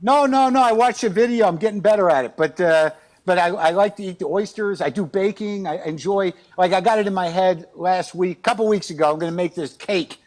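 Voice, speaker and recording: A man's voice: high voice, a little fast. A middle-aged man telling comic stories in a rambling, exasperated, self-mocking way over a remote video call. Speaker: guest. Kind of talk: comic storytelling chat. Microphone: remote video call from outside his house.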